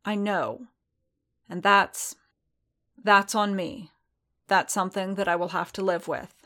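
A woman voicing a conflicted male armored warrior in a storybook reading, speaking in a subdued, measured way. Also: mid-range voice, steady tone, pushed and bright. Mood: weary, earnest.

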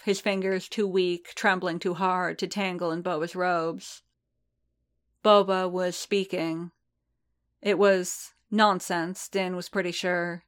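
Woman narrator, storybook reading, measured, unhurried, level intonation, lower voice. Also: clear, resonant tone. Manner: slow, measured, even reading. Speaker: audiobook narrator.

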